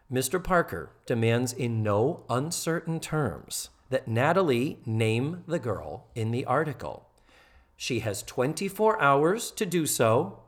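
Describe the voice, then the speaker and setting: A man hosting a podcast, recapping a TV episode in a chatty, expressive way. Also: medium pitch. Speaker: podcast host. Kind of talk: casual chat recapping a TV episode.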